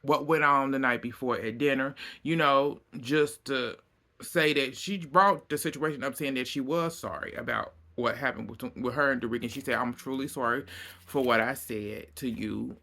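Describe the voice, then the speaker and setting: Man, casual TV recap, animated storyteller, acts out quotes, laughs a lot, mid-pitched voice. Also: moderate pace. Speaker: reality TV recap host.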